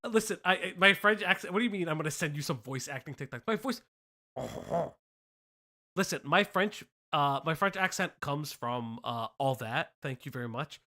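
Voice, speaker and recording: A man's voice: on the high side, expressive, fairly quick, hardly any pauses, pushed and bright. A man hosting a livestream, reading posts aloud with lots of laughing and swearing. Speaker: livestream host. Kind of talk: casual livestream chat.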